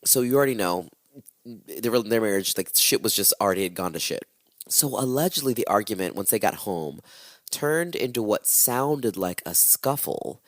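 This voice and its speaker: A man hosting a comedic true-crime podcast, telling the story in an animated, foul-mouthed, slangy way. His voice sits on the low side, and the sound is dry and close with no room echo. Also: moderate pace. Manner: animated, profane, slangy, jokey asides. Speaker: podcast host.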